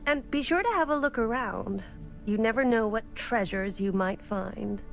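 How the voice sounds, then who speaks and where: Creaky old shopkeeper lady. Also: fairly high pitch, faint music behind. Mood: welcoming. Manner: slow, gracious, welcoming. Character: creaky old woman curiosity-shop keeper, genteel. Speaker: video game character.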